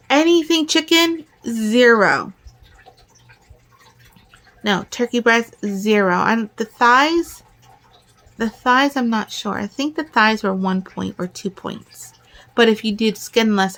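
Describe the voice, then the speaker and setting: Casting: middle-aged woman, casual home vlogger, chatty and excitable, rambles, mid-pitched voice. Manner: excitable, rambling, talks fast and jumbles. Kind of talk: casual chat to camera.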